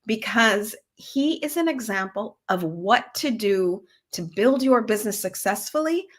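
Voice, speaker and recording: Woman host, chatty and upbeat, interview podcast, mid pitch. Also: lively intonation, measured pace.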